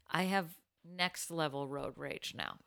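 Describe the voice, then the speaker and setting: A woman co-hosting a podcast, telling animated, joking stories in casual chat. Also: low voice, gravelly. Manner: chatty storyteller, animated and joking. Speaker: podcast co-host.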